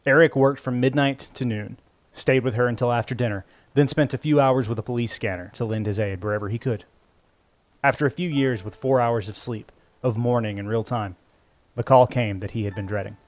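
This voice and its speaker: A man narrating a story in a measured, even storytelling voice. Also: medium pitch. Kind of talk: scripted audiobook narration. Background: faint music score.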